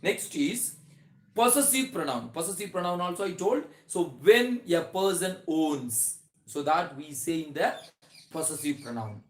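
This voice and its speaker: A male teacher talks through a grammar lesson in a slightly high voice. He begins many sentences with "so", restarts phrases, and slows down to stretch out each example word. The sound echoes around the room. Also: animated. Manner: explains slowly with many "so" openers and restarts, stretches example words. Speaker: English teacher.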